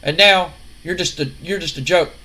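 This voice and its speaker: A man's voice: a little high, normal speed. A man voicing an older wrestling king who scolds and mocks his son. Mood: scornful. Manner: scolding, mocking, shouting.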